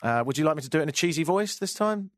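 A man's voice: fairly high pitch, animated, very fast, no echo, clean studio sound. A man hosting a radio show, chatting wryly through the news with muttered asides. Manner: wry, rambling, mutters asides. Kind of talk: casual news chat.

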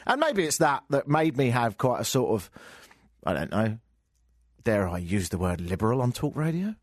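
A man's voice: medium pitch, very animated, moderate pace, no room sound, clean studio sound. A man with an English accent hosting a talk radio show, riffing on the news in a sarcastic, joking way. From England. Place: radio studio. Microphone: studio microphone.

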